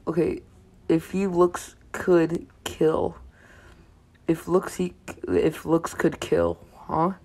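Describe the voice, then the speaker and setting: A young woman reading fan fiction aloud with blunt, swear-heavy running commentary. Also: deep voice. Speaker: reaction channel host.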